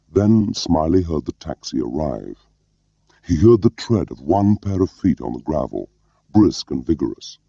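A male audiobook narrator reads in a measured, even way. His voice is extremely deep and dark, with a gravelly edge. The recording is dry and muffled. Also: dry recording. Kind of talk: scripted narration.

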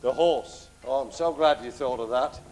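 Here the same kind of comic actor appears onstage as a doting, good-natured panto dad, punning gently and mumbling asides through a live comedy. The pitch is medium and the speed normal, close to an everyday voice, with a little hiss or hum.

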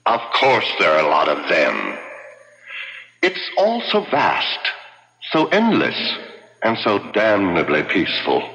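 An actor playing a dry, sardonic ghost husband in an old-time radio drama. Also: male voice, low voice, huge pitch swings, slow pace, sharp tone, full character voice. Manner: drawling, sardonic. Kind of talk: 1940s radio acting. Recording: muffled radio with hall reverb.

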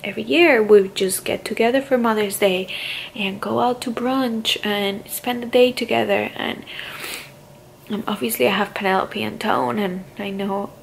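A young woman, a stay-at-home mom vlogging, speaking haltingly and on the verge of tears in an emotional confessional. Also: medium pitch, vocal fry, slight background noise, low-quality recording. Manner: tearful, halting, many fillers.

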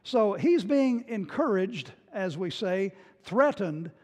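A male pastor preaches a sermon with a high voice. He retells a scripture story with a storyteller's flair and sometimes acts out its scenes. His words ring out with a long reverb, as in a church sanctuary. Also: big pitch swings, slow pace, hardly any pauses.

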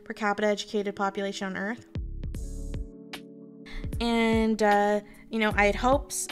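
A woman's voice: medium pitch, flat delivery, measured pace, soft background music. A Canadian woman streamer talking casually to her viewers, candid and rambling, swearing freely. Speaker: VTuber streamer.

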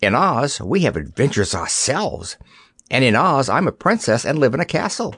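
A man voicing a curious, cheerful young girl in a storybook reading, lively and earnest. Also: mid-range voice, moderate pace, slightly rough, dry recording, clean studio sound, heavily acted. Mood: eager.

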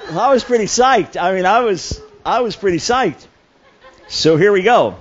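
High-voiced man preaching with stories. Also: lively intonation, moderate pace, lo-fi sound. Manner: storytelling with humor and many restarts. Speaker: guest preacher. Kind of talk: sermon. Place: church camp meeting hall.

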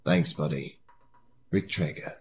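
A man's voice: rumbling low, slow, a little mellow, dull audio, a little hiss or hum, pitched below the performer's own voice. A man putting on an English accent to voice a pompous doctor reading out a memo. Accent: put-on English.

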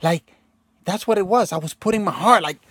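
A man's voice: high-pitched, brisk, a bit bright, slightly rough, dry recording, studio quality. A man talking casually and emphatically to his viewers in a rambling monologue, slipping into slang and acting out quotes. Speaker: self-help video host.

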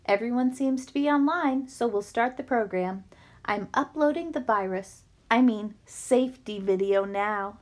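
A woman voicing a sinister teenage boy villain making loudspeaker announcements in a storybook. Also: a little high, lightly acted. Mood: scheming. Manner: slow, menacing.

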